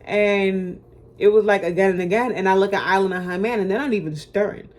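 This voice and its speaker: A young woman with a medium-pitched, darkish voice talks briskly as a storytime vlogger. She tells a personal story to camera bluntly and casually, using slang, cursing freely, and mocking herself.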